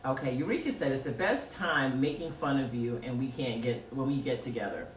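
This podcast host has a bass voice and talks fairly quickly, laughing and teasing in loose slang as she reads out comments from the live chat. The casual conversation comes through a distant mic with roomy echo and a little background noise.

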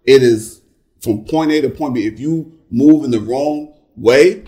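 A man's voice: medium pitch, a little slow, warm tone. A man in a casual discussion, making his points earnestly, step by step.

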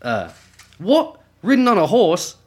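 A man voicing a mocking male medieval guard in a put-on British accent, shouting incredulous taunts. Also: sits high, wildly swooping pitch, unhurried, breathy edge, voice pushed up, exaggerated voice.

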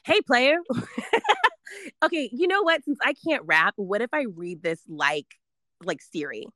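A woman in her thirties, hosting a casual chat, animated and laughing as she talks. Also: medium pitch, measured pace, dry recording, clean studio sound. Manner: animated, laughing, reads lyrics aloud playfully.

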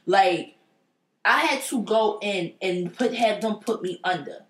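A woman's voice: medium pitch, unhurried. A woman telling a personal story in a blunt, profane and emphatic casual way. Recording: roomy echo.

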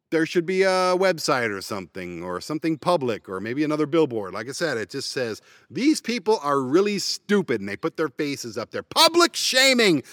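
Male podcast host, slightly high voice, blunt and profane, sarcastic rant, dry close-miked sound. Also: a bit bright, dry recording. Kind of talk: ranting solo podcast. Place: parked van.

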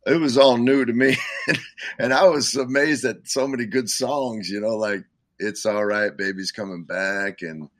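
An older man, a musician guest, telling rambling stories in casual talk, full of "you know" and quick laughs. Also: medium pitch, steady tone, dry recording. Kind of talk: casual storytelling.

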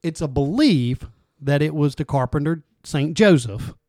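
A man with a slightly high voice tells a story on a casual podcast, loose and chatty with plenty of filler words. His voice is recorded close and dry. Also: expressive, unhurried, mellow, dry recording. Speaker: podcast co-host.

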